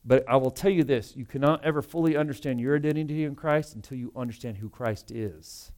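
A pastor preaching a sermon in a conversational, emphatic way, full of rhetorical asides. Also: male voice, medium pitch, brisk, darkish tone.

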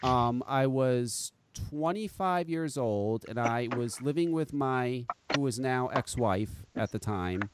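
A man hosting a podcast in casual chat, an animated storyteller who swears freely. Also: slow, hardly any pauses, background noise. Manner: animated, swearing storyteller with lively pitch swings. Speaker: podcast host.

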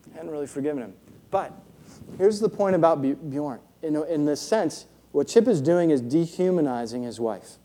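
Mellow-voiced preacher, earnest and rhetorical. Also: male voice, on the high side, animated, normal speed. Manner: earnest, rhetorical, keeps asking "right?". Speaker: pastor. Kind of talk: sermon.

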